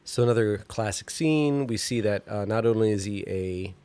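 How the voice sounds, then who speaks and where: A man's voice: lowish voice, moderate pace, a little mellow. A man co-hosting a casual movie commentary, wry and curious, asking questions and tossing in jokes. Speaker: podcast co-host.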